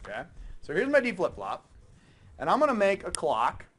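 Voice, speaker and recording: A man's voice: high voice, moderate pace. A man teaching a class, coding live and chatting with his students in a playful, informal way. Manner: lively, chatty, teasing students. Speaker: university instructor.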